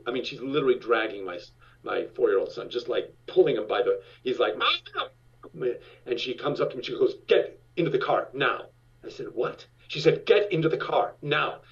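Older man telling a story, distant and dull. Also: mid-range voice. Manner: rambling, restarts, lively voiced-out quotes. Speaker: actor guest recalling his TV show. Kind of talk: animated anecdotal storytelling.

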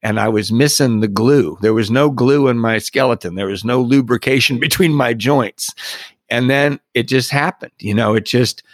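A middle-aged man, a podcast guest, earnestly telling a personal recovery story with reflective pauses and soft laughs. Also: mid-range voice, no echo, clean studio sound.

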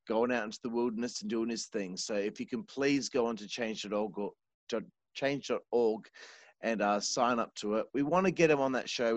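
A man hosting a podcast in a loose, rambling way, swearing casually and trailing off into quiet mumbles. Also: medium pitch, dry recording. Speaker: podcast host. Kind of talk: casual interview chat.

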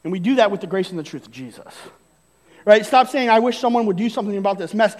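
Preaching in a church hall, this pastor speaks quickly in a high, darkish voice with big-room sound. He's emphatic, tosses in frequent "right?" tag questions, and laughs briefly between points.

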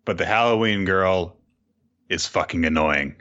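A man casually recapping manga chapters on a podcast, swearing a little and laughing often, breaking into squeaky voices to act out what the characters say. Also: a little slow, a bit bright, lo-fi sound. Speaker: podcast co-host.

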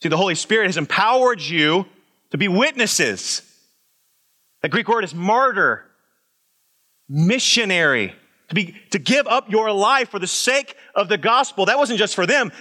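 A middle-aged pastor delivers a sermon in a high, bright voice. He talks expressively, climbing on his points and sinking into quiet, low remarks. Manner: expressive, swings from loud emphatic highs to low quiet asides.

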